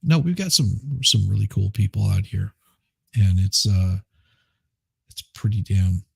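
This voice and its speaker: A man's voice: lowish voice, lively intonation, unhurried, creaky, darkish tone, breathy edge, dry recording, studio quality. A man hosting a live stream, rambling casually and chuckling as he reads chat. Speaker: livestream host.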